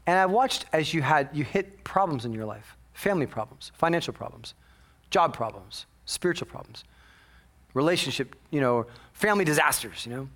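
Animated bright-voiced male pastor preaching. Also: a little high, moderate pace. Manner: animated, swings between quiet asides and loud exclamations; acts out voices of his congregation. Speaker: senior pastor. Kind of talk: sermon. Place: church sanctuary.

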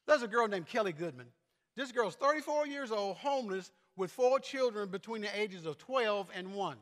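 Earnest high-voiced preacher in a reverberant hall. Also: male voice, a bit bright. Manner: earnest, halting, repeats words. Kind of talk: sermon with personal stories.

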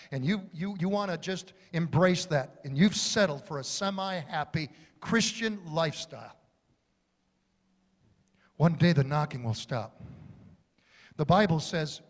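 A man preaching a sermon with impassioned delivery, building to shouts and dropping to quiet, low lines. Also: big-room sound.

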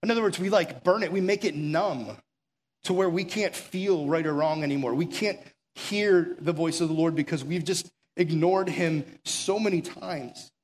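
This young adult man, a pastor, speaks at normal speed in a slightly high voice. His sermon is earnest and pressing, built on conversational storytelling with filler words and quiet, intimate moments.

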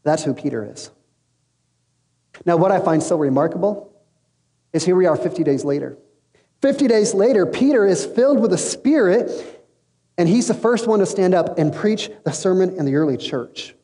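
A man's voice: high voice, normal speed, pauses often. A male pastor preaching a sermon in a casual, storytelling way, acting out the characters he quotes. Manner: storytelling, casual slang, lively acted quotes. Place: large room with an audience. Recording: long reverb in a hall.

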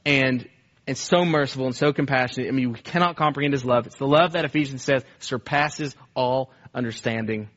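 A man's voice: medium pitch, brisk, fairly bright tone, dull audio. A male pastor preaching a sermon with passion, often repeating phrases and acting out quoted cries.

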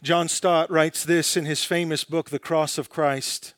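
A man preaching a sermon in a dramatic, emphatic way, often dropping low and slow for quotations. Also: level tone, a bit bright, dry recording, studio quality.

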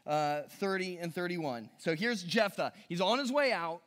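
A man's voice: high-pitched, a little slow, fairly bright tone. A man preaching a chatty, conversational sermon, reading scripture aloud and adding casual asides with a few chuckles. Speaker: pastor.

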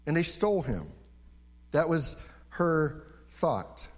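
A man preaching a sermon as pastor, earnest, often repeating words as he starts a phrase. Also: medium pitch.

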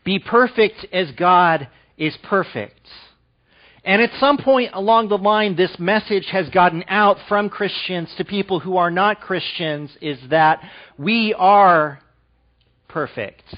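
A man's voice: high voice, unhurried, lo-fi sound. A man preaching a sermon, reading scripture aloud, then explaining it with rising emphasis. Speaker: pastor.

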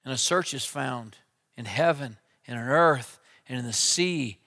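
A man preaching a sermon with dynamic delivery, dropping to a hush and then rising to loud, emphatic lines. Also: medium pitch, unhurried, vocal fry.

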